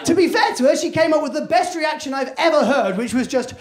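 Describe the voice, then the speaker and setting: A young man performing a stand-up comedy set on a club stage, telling a story with lively acted-out voices. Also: extremely high pitch, fast, slight background noise.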